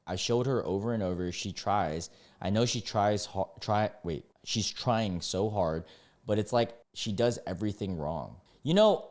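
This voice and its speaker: A man's voice: on the low side, darkish tone. A young adult man reading online posts aloud and reacting in a casual, incredulous way. He laughs often and fills his talk with "like".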